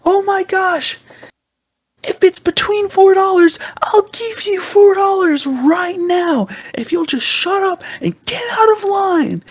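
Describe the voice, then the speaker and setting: A man voicing an irate male customer who screams at the person ahead of him in line, in a shrill yelling voice. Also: slow.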